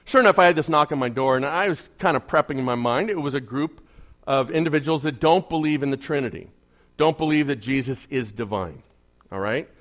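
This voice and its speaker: A man preaching as an evangelical pastor, telling a story conversationally to his congregation and swinging between quiet asides and emphatic bursts. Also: medium pitch, fairly quick. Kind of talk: storytelling sermon.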